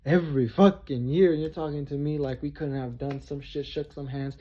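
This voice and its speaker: A man's voice: on the high side, steady tone, moderate pace, warm tone. A man delivering a heated, profane, confrontational monologue rant straight to his viewers, repeating himself for emphasis. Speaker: vlogger. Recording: dull lo-fi recording.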